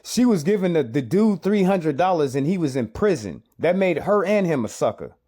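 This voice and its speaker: A man's voice: a little high, big pitch swings, moderate pace, warm tone. A man giving reaction commentary on a clip, emphatic and repetitive, often asking rhetorical questions.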